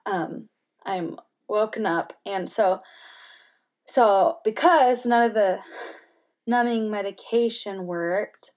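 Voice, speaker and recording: A woman speaking as an interview guest, telling a personal story candidly with many "like" fillers and softening at times to a near-whisper. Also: mid-range voice. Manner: candid, heavy use of "like" fillers; emotional, drops to soft near-whispers.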